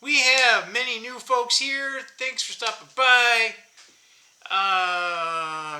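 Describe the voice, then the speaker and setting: Bright, rambling man in his fifties. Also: sits high, echoey room. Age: 50s. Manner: rambling, jokey, self-mocking, laughs often. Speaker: channel host. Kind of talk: casual vlog chat.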